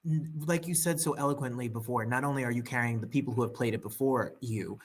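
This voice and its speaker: A man's voice: mid-range voice, quick pace, a little hiss or hum. A man hosting a casual interview, chatty and enthusiastic, plugging show tickets. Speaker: interview host.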